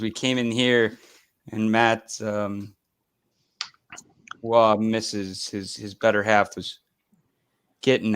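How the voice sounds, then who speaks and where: A man's voice: lowish voice, clean tone, dry recording, rough recording. A man hosting a casual live stream, chatting in a rambling way with lots of fillers and restarts. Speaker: host.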